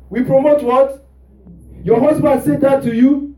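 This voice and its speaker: Male pastor, high mellow voice, call-and-response sermon, roomy church sound from off mic. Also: huge pitch swings, unhurried, far from the mic. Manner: call-and-response preaching, rhetorical "what?" prompts.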